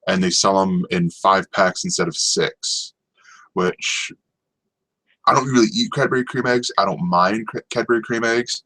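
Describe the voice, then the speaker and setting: Low-voiced man rambling through a solo podcast. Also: unhurried, sharp tone, poor audio. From North America. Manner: rambling, lots of ums and restarts. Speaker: podcast host. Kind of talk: casual solo TV review chat.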